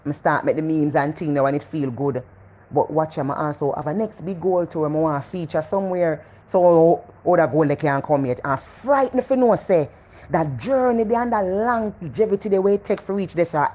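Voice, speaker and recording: Low-voiced Jamaican woman preaching motivation. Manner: animated, preachy, repeats phrases for emphasis. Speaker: motivational vlogger. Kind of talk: casual motivational talk.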